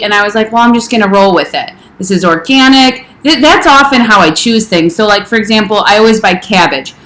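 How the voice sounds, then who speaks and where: A woman's voice: mid-range voice, a bit bright, roomy sound, poor audio. A young adult woman health coach chatting casually in a home kitchen, rambling a little and talking with her mouth full. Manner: chatty, rambling, talks while eating. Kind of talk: casual vlog chat.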